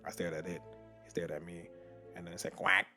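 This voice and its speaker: Man, podcast host, lowish voice, casual animated storytelling, frequent laughs, faint background music. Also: quick pace. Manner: animated, laughing often, many fillers.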